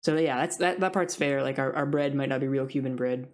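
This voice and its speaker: Low-voiced young woman ranting casually. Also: fairly quick. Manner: rambling, filler-heavy, laughing. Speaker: food service worker. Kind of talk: casual vlog rant.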